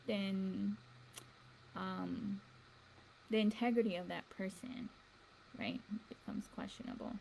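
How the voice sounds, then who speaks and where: A woman's voice: mid-range voice, measured pace, darkish tone, slight background noise, low-quality recording. A woman hosting a show in a meandering casual monologue, chuckling between thoughts. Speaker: livestream show host.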